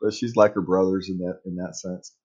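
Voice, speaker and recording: An older man hosting a podcast, chatting casually and rambling a bit, with a husky voice. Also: low-pitched, flat delivery, fairly quick, darkish tone, muffled recording. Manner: rambling, chuckles often. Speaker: podcast host.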